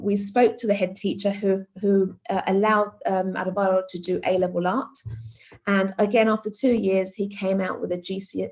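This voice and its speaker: A woman's voice: medium pitch, a little mellow, highs cut off. A woman giving a conference keynote as an art teacher, telling a classroom story with many fillers and restarts. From Greece.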